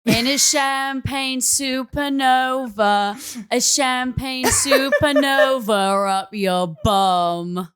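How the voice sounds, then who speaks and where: A woman's voice: high voice, fairly even intonation, over music, pitched above the performer's own voice. A woman doing a drawling male rock frontman. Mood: mocking. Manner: slow, drawn-out, mocking crooning. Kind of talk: mock singing impression.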